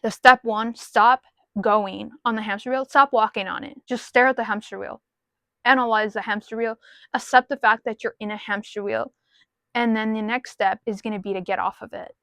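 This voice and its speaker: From her car, a vlogger chats frankly with her viewers through a small mic plugged into her phone, rambling and tossing in small self-deprecating asides. Her higher voice is steady, pushed and bright at a moderate pace, with no room sound.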